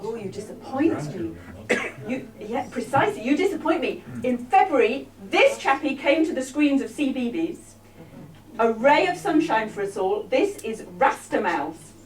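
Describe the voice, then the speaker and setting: A woman's voice: high voice, big pitch swings, normal speed. Wry woman comic in an echoey hall. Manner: wry, chatty, teasing. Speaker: comic performer. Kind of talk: live comic show with audience banter. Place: arts venue stage. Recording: roomy, echoey hall from far off.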